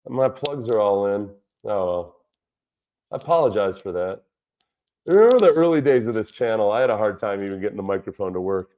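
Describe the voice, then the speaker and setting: A former football player hosts a casual football livestream, rambling and reacting to viewer chat in a lowish, animated voice at a slightly fast pace. He uses a studio dynamic mic through a budget audio interface, and the stream audio is dull and lo-fi with dropouts.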